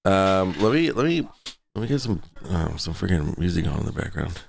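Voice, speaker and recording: A man's voice: low-pitched, sing-song, a little fast, vocal fry. A tired man hosting a casual livestream from his home, rambling and swearing freely. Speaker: streamer host.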